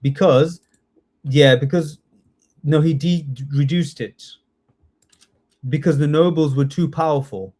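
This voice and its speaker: A man's voice: a little high, slow pace, pauses often, mellow. Encouraging man teaching a live class. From United Kingdom. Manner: encouraging, chatty, frequent "yeah?" check-ins. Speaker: citizenship test teacher. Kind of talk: live online class, quizzing students.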